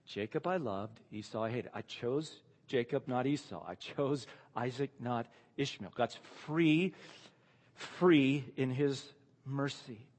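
A man's voice: mid-range voice, slow pace, a little mellow, in a large hall. A man preaching an expository sermon, reading scripture aloud and then explaining it with emphatic rhetorical questions.

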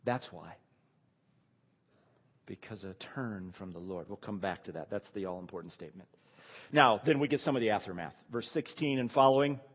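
A man's voice: on the low side, moderate pace, husky. A man preaching a sermon, reading scripture verses aloud and then stopping to ask the listeners pointed rhetorical questions. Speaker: pastor. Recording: long reverb of a large hall.

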